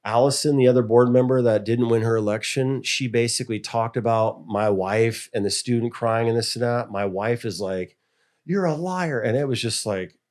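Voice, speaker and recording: A man's voice: medium pitch, moderate pace, few pauses. A middle-aged American man, a school board member, telling stories in a casual interview and acting out the voices he quotes. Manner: animated, acts out quoted voices.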